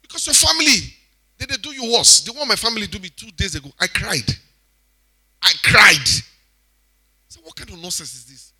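A man with a Nigerian accent preaching a sermon in a very bright, slightly high voice. He is animated, breaking into loud exclamations and then dropping to quiet asides. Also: fast talker, slightly rough. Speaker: church speaker exhorting congregation.

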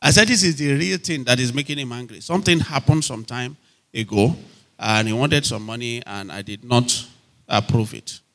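With a mid-range, slightly bright voice at a moderate pace, a preacher delivers an emphatic sermon. He repeats phrases and keeps checking that his listeners are still there.

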